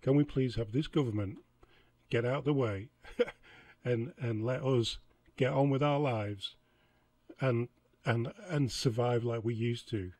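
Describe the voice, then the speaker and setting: A man's voice: mid-range voice, measured pace, pauses often, darkish tone, no room sound. A man hosting a reaction channel, exasperated and sarcastic as he comments on clips. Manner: exasperated, sarcastic, laughs often.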